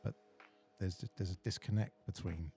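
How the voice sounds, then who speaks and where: A British man co-hosting a basketball podcast, wry and quick to laugh. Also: sits low, fairly even intonation, mellow. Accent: British English. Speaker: podcast co-host. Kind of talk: casual chat. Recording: studio with faint background music.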